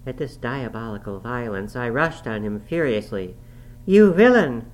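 A man reading a classic novel aloud in a measured, formal narrating manner. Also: mid-range voice, fairly bright tone, poor audio. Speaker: audiobook narrator.

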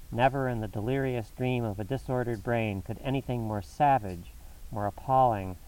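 A man reading a classic novel aloud as a narrator, in a measured, dramatic storytelling manner. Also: fairly low pitch, a little mellow, far from the mic, low-quality recording. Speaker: audiobook narrator.

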